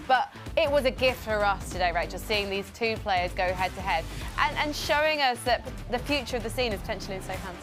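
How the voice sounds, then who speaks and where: A woman's voice: mid-range voice, a little fast, music in the background. A woman presenting a sports broadcast in a chatty, enthusiastic way.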